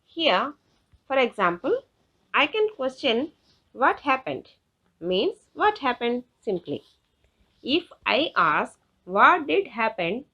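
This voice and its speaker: Slow lively-pitched Indian teacher woman. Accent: Indian English. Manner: slow, careful, instructive. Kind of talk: classroom lesson explanation. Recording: dull lo-fi recording.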